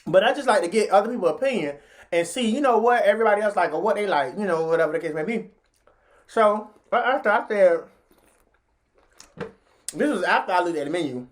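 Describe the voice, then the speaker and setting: A woman's voice: fairly quick, pauses often. A woman telling a story in a casual vlog, chatty and slangy, talking straight to her viewers. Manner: animated, jumps into high pitch when acting out what people said.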